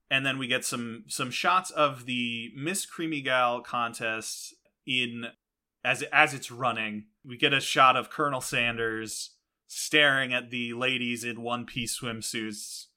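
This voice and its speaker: Recapping an episode of his podcast casually, a man rambles along with plenty of fillers and restarts. He has a medium-pitched, bright voice with a forceful tone.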